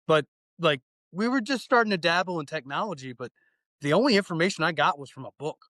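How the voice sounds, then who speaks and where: Excited fire instructor guy, 30s, kinda high voice, chatty, acts out convos, dead dry mic. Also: a little fast, dry recording, rough recording. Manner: enthusiastic, slangy, acts out dialogue. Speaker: fire training instructor, podcast guest. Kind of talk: casual podcast conversation.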